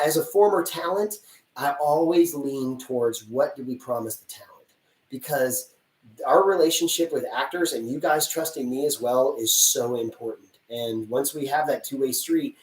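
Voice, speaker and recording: A man who works as a casting director answers questions on a live stream, chatty and lively, acting out little scenes. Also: fairly high pitch, roomy sound, far from the mic, poor audio.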